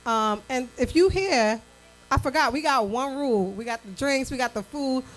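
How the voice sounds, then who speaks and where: A woman co-hosting a live show in a bar, giving loud, excited shout-outs to the crowd and joking with her co-host. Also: sits high, normal speed, low-quality recording. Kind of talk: casual live show banter. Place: bar or lounge venue with a live audience. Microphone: handheld mic through a PA.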